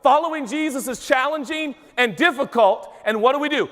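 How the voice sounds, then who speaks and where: A male pastor preaching a sermon to a congregation, lively and quick to act out voices for comedic emphasis. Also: extremely high pitch. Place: large church auditorium with a congregation. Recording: long reverb of a large church hall.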